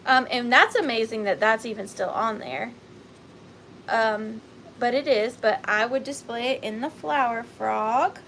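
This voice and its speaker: High-pitched young woman, chatty and upbeat, doing a live sale stream. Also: measured pace, a bit bright, a little hiss or hum. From United States. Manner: chatty, enthusiastic, counts down bids. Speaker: online vintage seller. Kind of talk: live sale vlog chat.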